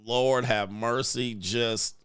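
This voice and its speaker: A male stream host reacting to a movie clip in casual commentary, animated and full of exclamations. He breaks into laughs often, and his voice sits mid-range. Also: mid-range voice, slow pace.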